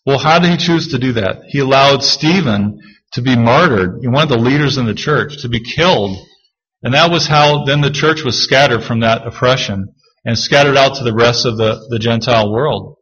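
A male pastor preaching a sermon, reading scripture slowly and then explaining it in a conversational way. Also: mid-range voice, a bit bright, slightly rough, dull audio.

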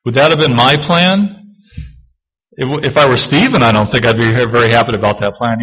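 A man delivers a sermon in a mid-range, slightly husky voice, reading scripture aloud before unpacking it in plain, conversational terms. The recording is a little dull and muffled. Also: mid-range voice, a bit bright. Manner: reads scripture aloud slowly, then explains conversationally. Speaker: pastor.

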